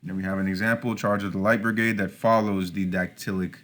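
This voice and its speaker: A man's voice: low voice, level tone, fairly quick, a bit bright. A man teaching a class over slides, explaining step by step with frequent "all right" and "uh" fillers. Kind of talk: recorded lecture over slides.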